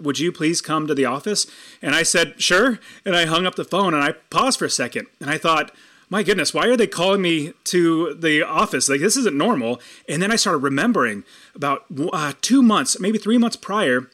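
A man, a guest in conversation, earnestly telling a personal story and shifting his pace for emphasis. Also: on the high side. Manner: earnest, animated storytelling, speeding up and slowing down for emphasis.

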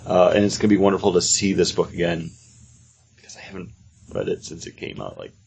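A man's voice: low-pitched, very animated, fast talker, creaky, darkish tone, husky. A man co-hosting a casual podcast chat, enthusiastic, often restarting his sentences. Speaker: podcast co-host.

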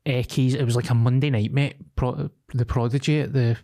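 A man's voice: medium pitch, fairly even intonation, a little fast, warm tone. A young man with a Glaswegian accent, co-hosting a podcast and telling a rambling, confessional story in casual chat. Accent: Scottish, Glaswegian. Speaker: podcast co-host.

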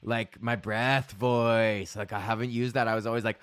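A man's voice: fairly low pitch, little pitch movement, moderate pace, a bit bright, clear, resonant tone, no room sound. Profane man rambling dryly. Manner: loose, profane storytelling with laughs. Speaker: podcast host and comedian. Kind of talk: rambling casual monologue.

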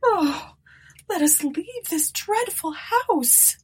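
A woman's voice: high-pitched, sing-song, unhurried, pitched above the performer's own voice. A woman reading aloud voicing a timid, frightened sister in a storybook, with a fearful, pleading manner. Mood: terrified.

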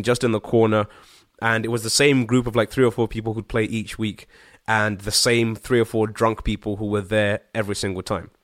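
Animated slangy man telling a story. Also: on the low side, no echo, studio quality. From Zimbabwe. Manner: animated, slangy, swears, many fillers. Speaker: guest singer-songwriter. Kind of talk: casual storytelling chat.

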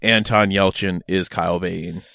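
A man with a fairly low voice talks loosely in a podcast chat, stumbling over restarts and dropping curses. The sound is dry and close, with no room around it. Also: steady tone, measured pace, gravelly, a bit bright, smooth, dry recording. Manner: rambling, profane, many restarts. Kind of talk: casual chat.

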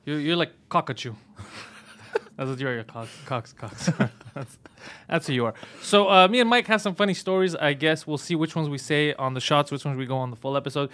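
A man's voice: a little high, expressive, normal speed, fairly bright tone. A male podcast co-host with brash, jokey banter in casual chat.

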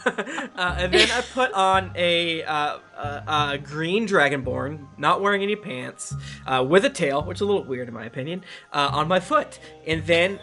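Bright, higher-voiced man; rambling, jokey player with fillers. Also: expressive, moderate pace, soft background music. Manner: rambling, joking, full of fillers and apologies. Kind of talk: tabletop game banter.

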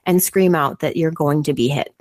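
A woman co-hosting a podcast, telling a story in a casual, sweary, animated way. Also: low-pitched, moderate pace, no echo. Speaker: podcast co-host.

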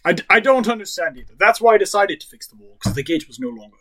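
A man's voice: high voice, very animated, rapid-fire, sharp tone, full character voice. A man doing a flustered loyal butler. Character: loyal old male butler servant.

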